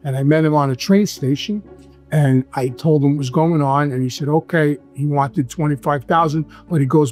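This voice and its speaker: Man, New York accent, slightly high voice, rambling storyteller, casual interview guest, faint background music. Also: darkish tone. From Brooklyn, New York. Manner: rambling, restarts, frequent "right?". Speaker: guest, former mobster.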